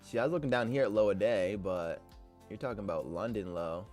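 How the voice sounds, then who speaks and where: A man streaming his day trades live, pleading and arguing with the market as if it could hear him. His voice jumps up in frustrated outbursts and then drops to low grumbles while he answers chat. Faint music plays underneath. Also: fairly quick, a little mellow.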